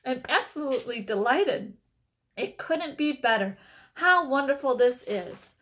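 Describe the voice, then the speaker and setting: A woman reading aloud and voicing an excitable, eccentric male candy maker with a bubbly, theatrical manner. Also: sits high, unhurried. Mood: delighted.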